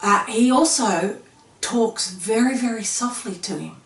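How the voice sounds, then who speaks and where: Higher-voiced woman asking leading questions. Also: a little slow. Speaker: interviewer. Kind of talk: casual interview. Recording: echoey room, mic at a distance.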